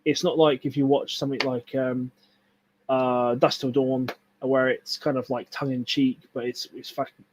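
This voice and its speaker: A man's voice: mid-range voice, level tone, normal speed, slight background noise. A young man chatting casually on a stream, rambling and swearing as he enthuses about films. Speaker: stream co-host. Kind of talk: casual chat.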